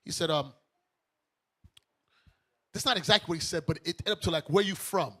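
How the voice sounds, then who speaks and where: A man from Brooklyn tells a story in a high, bright voice, playing both sides of the conversation. His casual banter keeps moving. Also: fairly quick. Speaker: bishop, radio show host.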